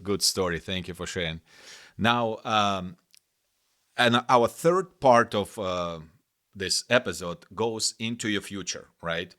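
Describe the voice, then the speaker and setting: A man from Ukraine hosting a podcast, asking questions haltingly and searching for words. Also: low voice, fairly bright tone. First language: Ukrainian or Russian. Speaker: podcast host.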